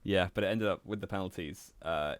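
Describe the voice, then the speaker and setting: A man's voice: deep voice, brisk, clear, resonant tone. A young man co-hosting a podcast, dry and teasing, laughing often. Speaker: podcast co-host. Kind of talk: casual chat.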